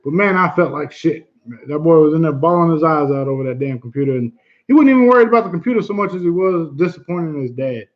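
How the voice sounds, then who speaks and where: A man's voice: fairly high pitch, expressive, fast talker, muffled recording. A man hosting a casual livestream chat, earnest and blunt, who swears easily and repeats himself for emphasis. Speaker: livestream host.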